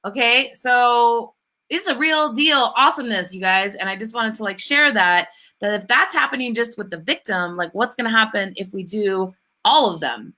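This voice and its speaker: A woman's voice: on the high side, moderate pace, bright, forceful tone. A woman co-hosting a spiritual business talk show, chatting casually and gushing with lots of "like" fillers. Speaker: podcast co-host. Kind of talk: casual chat.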